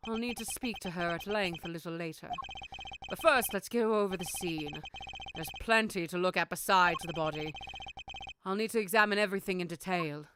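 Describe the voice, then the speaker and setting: A woman voicing a calm, formal male prosecutor with a measured, dry delivery, over game music. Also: on the low side, close to an everyday voice. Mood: composed.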